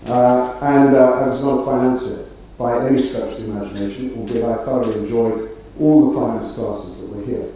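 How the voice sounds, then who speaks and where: At a graduation in a large, very echoey auditorium, a middle-aged man gives a ceremonial speech in a mellow, relaxed, medium-pitched voice, with dry, self-deprecating humor and pauses on small fillers. The mic is distant, so his voice carries across the roomy hall over a faint murmur of the room and a little hiss or hum.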